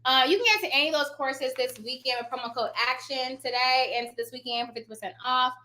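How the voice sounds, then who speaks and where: Talking quickly in a high, pushed, bright voice, a woman runs a laid-back live stream from her home office as a notary trainer. She rambles, loses her train of thought often and laughs. The sound is roomy.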